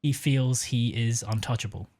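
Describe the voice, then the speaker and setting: A man co-hosting a casual podcast, pitching a story with many hesitant fillers and easy laughs. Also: normal speed, a little mellow.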